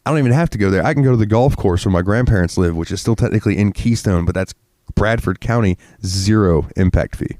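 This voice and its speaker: A man's voice: on the low side, fast talker, dark tone, dry recording, clean studio sound. A sick man from Florida, co-hosting a podcast in casual chat, rambling, swearing freely and getting worked up when he rants. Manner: profane, rambling, gets worked up ranting. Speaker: podcast co-host.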